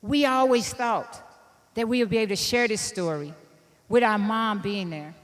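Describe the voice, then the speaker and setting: A woman's voice: mid-range voice, normal speed. Woman in her fifties telling a story in a hall. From Illinois, USA. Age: 50s. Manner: animated, personal, laughs at own story. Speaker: keynote speaker. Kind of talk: motivational storytelling speech.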